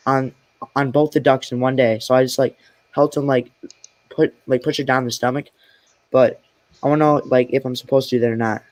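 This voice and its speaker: A man chatting casually, rambling and circling back through his words. His voice sits at a middle pitch. The sound is dry, with no room around it. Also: a little mellow, no room sound. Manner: rambling, constant "like" fillers. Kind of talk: casual chat.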